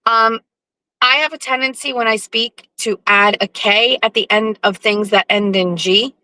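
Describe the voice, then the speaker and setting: A woman hosting her own show, telling a profane, animated story with sarcastic asides in a casual live-stream monologue. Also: on the high side, a little slow, dry recording, poor audio. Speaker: show host.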